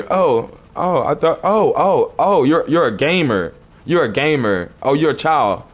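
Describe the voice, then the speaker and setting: A man's voice: a little high, lively intonation, unhurried, dull audio. A man on a livestream, arguing with chat commenters in a preachy, confrontational way and repeating his phrases.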